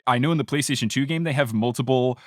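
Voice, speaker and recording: A man's voice: quick pace, no echo, clean studio sound. A young man hosting a podcast, chatting casually and animatedly about video games. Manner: animated, acts out quotes with big pitch jumps. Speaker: podcast host.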